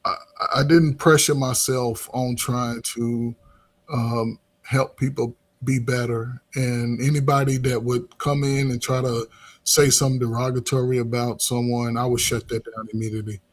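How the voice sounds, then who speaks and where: A man's voice: mid-range voice, level tone, moderate pace. A middle-aged man, a coach and former teacher, talking loosely in casual conversation with lots of restarts and filler words.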